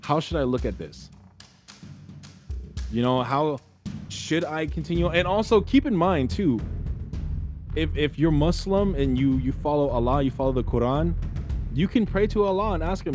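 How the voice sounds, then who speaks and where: A man hosting a podcast, delivering an earnest, sermon-like spiritual monologue that exhorts listeners as brothers and sisters. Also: a little high. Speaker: podcast host.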